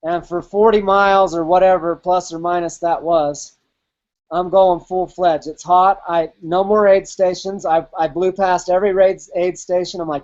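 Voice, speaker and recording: A man's voice: high voice, fairly even intonation, moderate pace, a little mellow, lo-fi sound. A man telling a personal race story in a casual, vivid way, with swearing and quoted inner thoughts. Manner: vivid, profane, replays his own inner voice. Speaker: podcast host.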